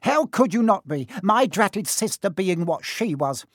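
Aunt Petunia, a man doing a shrill bitter aunt. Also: sing-song, unhurried, no room sound, clean studio sound, heavily acted. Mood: shrill ranting. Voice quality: shrieking, ranting. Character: shrill, bitter, resentful middle-aged aunt.

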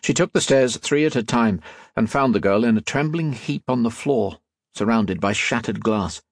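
This audiobook narrator is a man with a mid-range voice, reading in a measured, expressive storytelling manner. It has studio quality and no room sound.

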